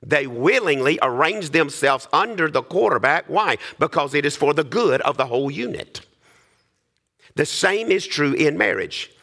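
A man's voice: on the high side, expressive, normal speed, pushed and bright. A man preaching a sermon, reading scripture and then explaining it with repetition and asides to the congregation. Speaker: pastor.

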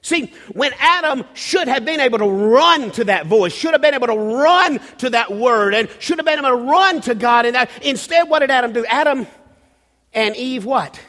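A man with a very high voice preaches a sermon from the pulpit, his words trailing off in a long hall reverb. He gropes for words with restarts, then builds into louder emphatic bursts. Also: animated, moderate pace. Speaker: pastor. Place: church sanctuary.

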